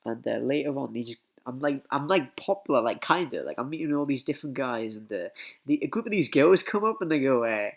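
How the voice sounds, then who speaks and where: A man's voice: mid-range voice, lively intonation, brisk, gravelly. A man telling a casual storytime vlog story, rambling, repeating himself and swearing often. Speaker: vlogger.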